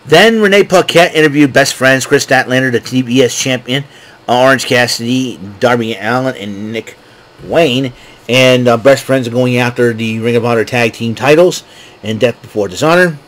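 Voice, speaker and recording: A man hosting a casual wrestling recap show, excitable and laughing often as he acts out what wrestlers said. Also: mid-range voice, normal speed. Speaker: wrestling podcast host.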